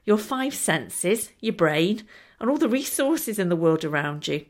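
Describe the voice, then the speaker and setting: A woman voicing a calm, measured male deity. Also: mid-range voice.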